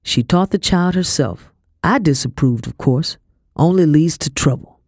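A woman's voice: deep voice, animated, darkish tone, no room sound, studio quality, full character voice. A woman reading a storybook, voicing a formal, cautious male pastor who evades hard questions. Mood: stiff, formal. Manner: formal, evasive, measured. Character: stiff, cautious man, a pastor.

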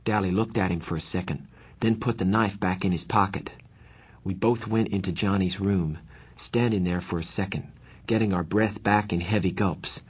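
Husky low-voiced man narrating a story. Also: steady tone, normal speed. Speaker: audiobook narrator. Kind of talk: first-person audiobook narration.

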